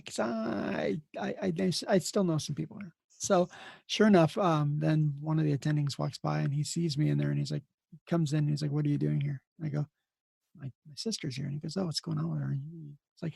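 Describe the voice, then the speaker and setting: Gravelly, husky-voiced man telling stories. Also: fairly high pitch, steady tone, fast, dark tone, dry recording. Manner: rambling anecdotes acted out with quoted dialogue, blunt. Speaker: emergency nurse and podcast host, here the guest. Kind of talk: casual storytelling interview.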